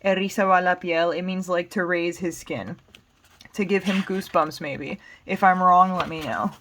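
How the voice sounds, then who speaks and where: A woman's voice: lowish voice, fairly even intonation, normal speed, fairly bright tone, slight background noise. Patient American woman explaining Spanish lyrics. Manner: patient, plain explanations with fillers. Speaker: Spanish teacher.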